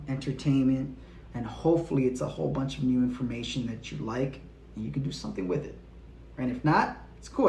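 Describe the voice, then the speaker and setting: A man's voice: mid-range voice, a little mellow, slight background noise. Blunt, casual male history host. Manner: blunt, conversational, slangy. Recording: roomy echo with faint music.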